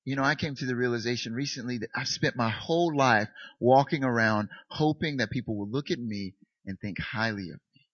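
A male pastor delivering a sermon in a relaxed, candid style that pokes fun at himself. His voice is bright and forward with a husky grain. The sound is dry and a little dull. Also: mid-range voice, fairly quick, dry recording. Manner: candid, self-mocking, conversational preaching.

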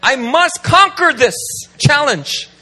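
A man's voice: extremely high pitch, sing-song, slow pace, bright, forceful tone, voice pushed up, full character voice. A man voicing a cocky young man who is out to win a girl as a conquest, in a grand declaring way. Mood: triumphant.

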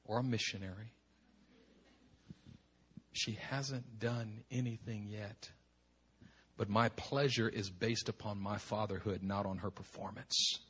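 A middle-aged male pastor preaching a sermon with impassioned emphasis, swinging from hushed tones to shouting and repeating words for effect. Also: on the low side, steady tone, a little slow, pauses often, slightly rough. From United States.

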